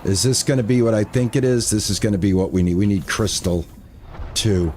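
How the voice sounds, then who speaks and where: A man's voice: fairly low pitch, fairly quick, a little mellow, slight background noise. An older man streaming a game, chatting casually and thinking aloud, often repeating himself. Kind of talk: casual gameplay commentary.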